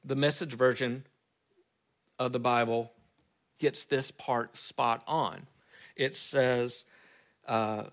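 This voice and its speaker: A male pastor delivering a sermon in an easygoing, conversational manner. He asks his congregation questions and shifts his pace, slowing down on key words and speeding up through asides. His voice sits at an ordinary middle pitch for a man.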